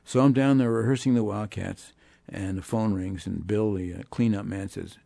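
An older man, a guest musician, telling animated anecdotes in an interview and voicing the people he quotes. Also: on the low side, moderate pace, vocal fry, no echo. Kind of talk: storytelling interview.

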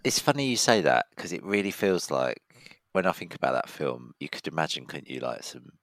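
A man's voice: a bass voice, big pitch swings, a little fast, fairly bright tone. A man co-hosting a podcast, chatting casually and joking around with mock voices. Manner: playful, jokey, riffs with mock voices. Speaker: podcast co-host. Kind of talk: casual chat.

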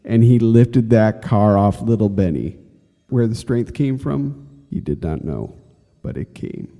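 Male instructor, low pitch, exhorting, reverberant hall recording. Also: dark tone. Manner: earnest, exhorting, addresses listener as friend. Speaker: course instructor. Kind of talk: read-aloud inspirational lesson.

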